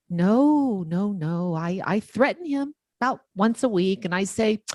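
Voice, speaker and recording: A woman author, a guest on an interview, telling stories with lively enthusiasm and acting out the dialogue. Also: medium pitch, a little slow, few pauses, no room sound. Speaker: author and letter writer, guest. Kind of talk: interview storytelling.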